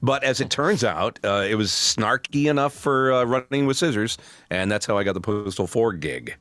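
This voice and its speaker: A middle-aged male voice actor telling stories in a casual interview, snarky and animated. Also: mid-range voice, normal speed, dry recording. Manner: storytelling, animated. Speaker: voice actor guest.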